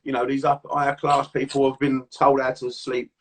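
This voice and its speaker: A man's voice: mid-range voice, monotone, normal speed, husky. A middle-aged man from South London with a South London accent, hosting a chatty, slangy podcast over a video call and laughing often. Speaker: podcast host. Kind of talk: casual chat on a video call.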